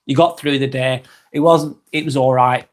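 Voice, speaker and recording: A man's voice: mid-range voice, fairly even intonation, moderate pace. A man hosting a live stream, reading viewers' comments aloud and chatting back in a casual, rambling way. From England.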